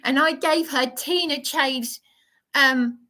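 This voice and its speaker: A woman talks slowly into her live stream, her voice shaky and worked up. She sounds indignant and keeps stumbling over her words. Her tone is high and bright. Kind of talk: agitated live-stream monologue.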